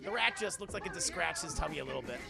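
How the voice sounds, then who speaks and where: A man chatting casually on a livestream, retelling a film scene in an animated, profane way and laughing often. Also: a little high, racing, vocal fry, over music. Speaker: streamer reviewing a film.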